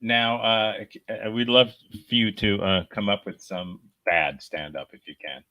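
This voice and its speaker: A man hosts a casual chat, feeling his way with fillers and restarts. His voice sits low. The recording is dry and close. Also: steady tone, measured pace, bright, forceful tone, no room sound. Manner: hesitant, full of fillers and restarts. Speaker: host.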